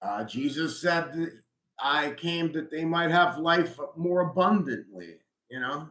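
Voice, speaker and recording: Middle-aged male host, slightly high voice, reflective and rambling, roomy echo. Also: expressive, measured pace, fairly bright tone. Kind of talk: casual live chat about faith.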